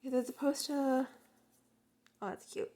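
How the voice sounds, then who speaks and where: A woman casually narrating an unboxing, gushing and excitable, often gasping and squealing, sometimes dropping to a hush. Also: high voice, a little slow. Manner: drops to hushed whispers now and then. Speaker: unboxing vlogger.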